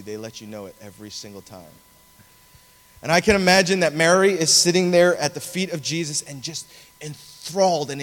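A man delivers a sermon in a lively, conversational storytelling manner. His voice sits fairly high for a man. The sound rings out with the long reverb of a large cathedral. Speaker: preacher.

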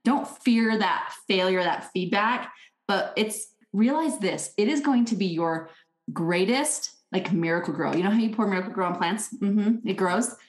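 Female co-host, lively storyteller, roomy echo on the voice. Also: medium pitch, moderate pace. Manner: animated, acts out little quoted thoughts. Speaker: podcast co-host. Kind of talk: casual chat.

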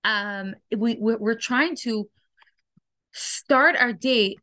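An earnest woman teaching a religious lesson, her voice sitting a little high. She talks in quick, emphatic bursts full of rhetorical questions. The sound is close and dry, with no room around it. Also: bright, forceful tone, no room sound. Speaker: program host. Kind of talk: inspirational Torah lesson.

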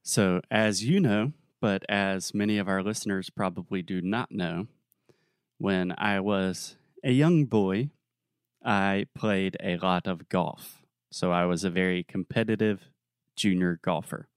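A young adult man co-hosting a podcast, telling a story in a relaxed, casual way with plenty of fillers. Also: fairly low pitch, a little slow, clean tone, no echo, clean studio sound. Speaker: podcast co-host.

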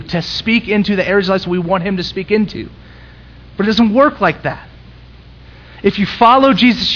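A man's voice: sits high, fairly bright tone, muffled recording. A young man preaching a conversational, emphatic sermon in a church, rising to intense peaks. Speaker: pastor.

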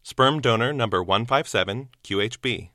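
A young adult man, an actor, reading a short story aloud and acting out the dialogue with lively voices, then chatting casually about it. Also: medium pitch, normal speed. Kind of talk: storytelling narration and casual reflection.

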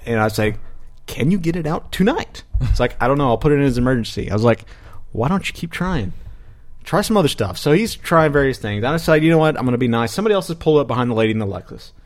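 A man's voice: mid-range voice, fast talker. Man ranting and swearing through a story. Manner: profane, animated retelling with quoted voices. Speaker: podcast host. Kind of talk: casual chat, storytelling a rant.

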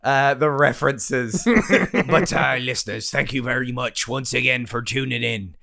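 A man co-hosting a podcast in casual banter, jokey and quick to laugh. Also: medium pitch, steady tone, creaky, sharp tone. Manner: laughs often, jokey and chirpy. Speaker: podcast co-host.

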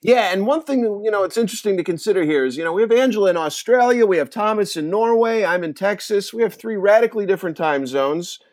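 A man hosts a casual podcast. He is upbeat and quick to joke, including at his own expense. His voice sits a little high for a man. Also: lively intonation, a little mellow, no room sound, studio quality. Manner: jokey, upbeat, self-deprecating. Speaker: podcast host.

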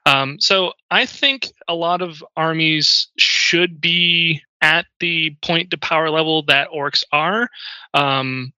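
A man's voice: a little high, steady tone, takes it slowly, pushed and bright, smooth, no echo. A man as a podcast guest in casual chat, rambling with lots of ums and uhs. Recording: dull lo-fi audio.

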